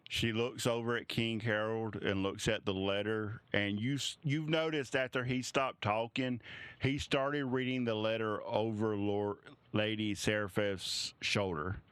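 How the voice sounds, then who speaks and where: A male game master narrates a fantasy scene at a slow, unhurried pace. His voice is somewhat low and smooth, and the recording is dry and close with no room echo. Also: fairly even intonation, a bit bright. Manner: measured, descriptive narration.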